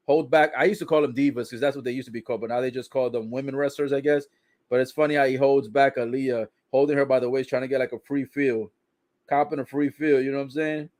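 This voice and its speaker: A man's voice: mid-range voice, fairly even intonation, brisk, a little mellow. A man casually recapping a wrestling broadcast, swearing, joking in slang and laughing often. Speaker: wrestling show reaction commentator.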